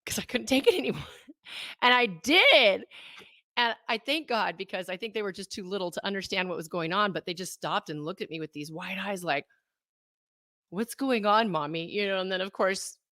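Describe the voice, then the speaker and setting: A woman in her thirties tells a personal story as an interview guest, candid and self-mocking. She talks with animation, acting out her own past thoughts in quoted lines. Her voice sits at an ordinary middle pitch for a woman, recorded dry and close with no room echo. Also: fairly quick, pushed and bright. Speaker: interview guest, life coach.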